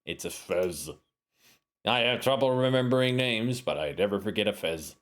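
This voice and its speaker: Brief: casual male game streamer, lively pitch, self-mocking asides. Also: normal speed. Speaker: streamer playing a video game. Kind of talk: casual game commentary and reading game text.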